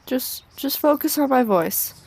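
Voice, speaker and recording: A kind man speaks steady words of comfort over a phone line, voiced by a woman reading a game's lines. His pace is slow and gentle. A faint gravelly fry colors the voice. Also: sits high, full character voice. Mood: reassuring. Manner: soothing and steady.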